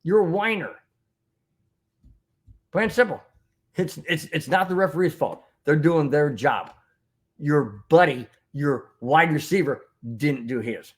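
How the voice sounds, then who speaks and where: A man's voice: fairly high pitch, animated, a little slow, pauses often. Fired-up man ranting on a sports podcast. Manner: rambling and indignant, with many restarts and repeated phrases. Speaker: podcast host reading live chat. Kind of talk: heated sports recap with chat.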